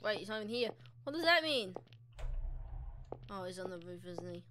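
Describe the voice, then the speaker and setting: A woman's voice: mid-range voice, lively intonation, moderate pace, pushed and bright, a little hiss or hum. A young woman playing a game on video, chatting, reacting and reading the characters' lines aloud. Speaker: let's play gamer. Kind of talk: casual gameplay commentary reading dialogue aloud.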